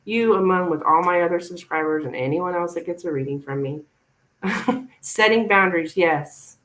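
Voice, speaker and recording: A woman's voice: on the low side, moderate pace, fairly bright tone, poor audio. A woman tarot reader giving a chatty, reassuring live-stream reading to a viewer.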